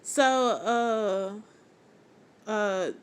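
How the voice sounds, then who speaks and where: A woman's voice: medium pitch, extremely slow, smooth. A young woman vlogger recapping a reality show in casual, slangy, gossipy chat, talking animatedly as she acts out bits of what people said. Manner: chatty, slangy, animated gossip with acted-out quotes.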